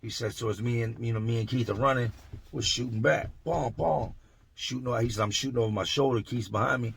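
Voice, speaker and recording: A man's voice: medium pitch, fairly even intonation, quick pace, creaky, a bit bright, husky. A middle-aged man, a former prison tattoo artist, telling a story in a casual, streetwise way and quoting the people in it in his own voice. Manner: streetwise, conversational, quotes others in his own voice.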